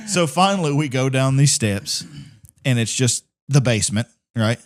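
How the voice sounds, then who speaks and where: A man's voice: mid-range voice, moderate pace. A man co-hosting a podcast, telling stories in casual chat and swearing freely. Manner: animated storytelling, swearing, laughing often. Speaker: podcast co-host.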